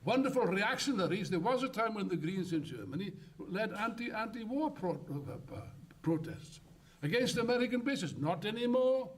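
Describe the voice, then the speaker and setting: An older man giving an impassioned, rambling congress speech, swinging from loud outbursts to muttered asides. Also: high voice, animated, normal speed, recorded from a distance. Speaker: political speaker. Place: conference hall.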